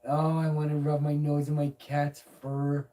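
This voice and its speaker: A man's voice: fairly high pitch, monotone, normal speed, mellow, far from the mic, rough recording. A man streaming live, goofy and rambling, talking casually to viewers and lapsing into baby talk with his cat. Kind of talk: casual livestream chat.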